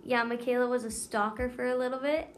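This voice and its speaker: A woman's voice: on the high side, flat delivery, fast, slight background noise. A teenage girl chatting casually as a student co-host, giggly and chatty, with lots of fillers. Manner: giggly, chatty, says "like" a lot. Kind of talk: casual chat.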